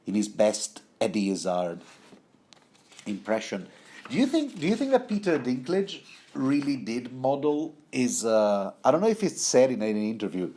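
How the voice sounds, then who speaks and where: Rambling, hesitant man with a dark voice. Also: lowish voice, lively intonation, moderate pace. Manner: hesitant, many fillers, self-correcting, playful asides. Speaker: book commentator. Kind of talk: rambling book commentary.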